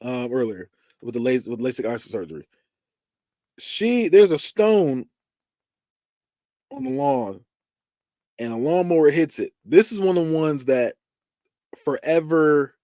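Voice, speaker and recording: A man's voice: medium pitch, slow pace, pauses often, dry recording, studio quality. A podcast host chatting casually through movie death scenes, acting out lines and laughing as he goes. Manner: animated, acts out quotes and screams, laughs often.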